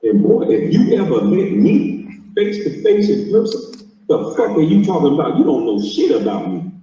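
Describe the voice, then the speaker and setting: A man's voice: on the high side, huge pitch swings, normal speed, mellow, recorded from a distance. A man hosting a heated reaction commentary, mocking and confrontational and swearing a lot. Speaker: host reacting to a video clip. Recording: echoey room, speaker off mic.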